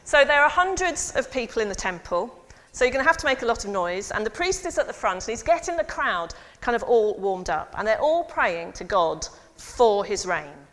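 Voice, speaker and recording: A woman priest giving a lively sermon and involving her congregation. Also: on the high side, normal speed. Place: church. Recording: long church reverb.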